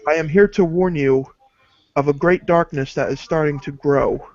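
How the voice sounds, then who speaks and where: A man's voice: on the high side, normal speed, noisy background, close to an everyday voice. A man voicing a solemn male spirit who speaks for the gods, with grave, portentous pronouncements. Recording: dull lo-fi dry recording.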